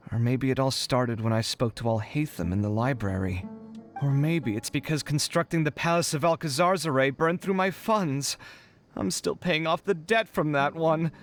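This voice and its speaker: A man's voice: mid-range voice, lightly acted. An actor playing a weary, put-upon young male architect in a video game, given to sighs and exasperated complaints. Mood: self-pitying. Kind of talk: game dub voice acting. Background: faint game music.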